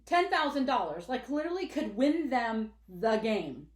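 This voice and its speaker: A woman with a high voice chats casually as a podcast co-host. She tells stories with animation and acts out the people she quotes. The room around her is echoey. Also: sing-song, normal speed. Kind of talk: casual chat. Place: warm indoor room. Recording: roomy echo.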